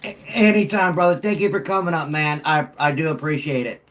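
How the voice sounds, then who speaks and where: High-voiced, animated male sports talk host. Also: fairly quick. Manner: animated, joking, banters with callers.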